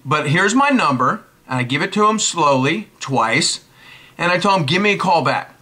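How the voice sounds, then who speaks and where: A man in his forties giving casual sales coaching, brisk and emphatic, repeating his key points. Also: on the high side, lively intonation, pushed and bright. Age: 40s. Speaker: network marketing coach. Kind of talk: casual instructional talk.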